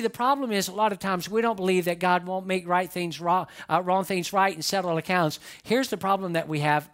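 A man preaching a sermon as pastor, animated, acting out the voices of his listeners and of Bible figures. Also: high-pitched.

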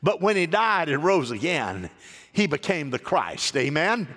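Male pastor, high voice, call-and-response sermon, long church reverb. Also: big pitch swings, measured pace, fairly bright tone. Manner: call-and-response preaching, rising exhortation. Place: church sanctuary.

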